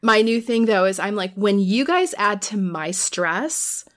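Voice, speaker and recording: A woman's voice: mid-range voice, animated, a little slow, fairly bright tone. A woman who is a parent of teenagers, chatting candidly and exasperated, laughing at herself now and then. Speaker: parent of teens. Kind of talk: casual chat.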